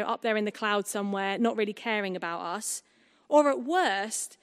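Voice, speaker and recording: A woman preaching a sermon at a baptism service, conversational and lively, with humorous asides to the congregation. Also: fairly high pitch. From England. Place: church hall. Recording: long hall reverb.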